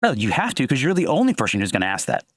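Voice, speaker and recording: A man speaking quickly and with energy, a sales leader giving a podcast interview. He slips into short acted-out exchanges with clients as he talks. His voice sits at a middle pitch and the sound is close and dry. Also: dry recording. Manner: fast, animated, acts out calls. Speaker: guest, sales team leader.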